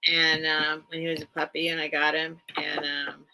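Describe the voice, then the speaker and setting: A woman's voice: deep voice, flat delivery, moderate pace, bright, forceful tone, a little hiss or hum, poor audio. A middle-aged woman hosting a casual live-stream sale from home, chatty and rambling with lots of ums. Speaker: online vintage seller.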